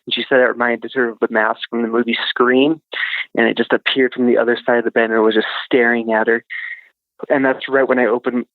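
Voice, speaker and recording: A man's voice: mid-range voice, level tone, quick pace, no room sound. A man recounting a childhood experience as a podcast guest, rambling with lots of fillers over a tinny phone line. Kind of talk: casual storytelling.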